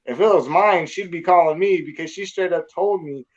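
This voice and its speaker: Guy from california telling a dirty story, swears a lot, kinda high voice, muffled lo-fi sound. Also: normal speed. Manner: crude, profane, blunt. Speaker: storyteller guest. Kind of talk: casual storytelling.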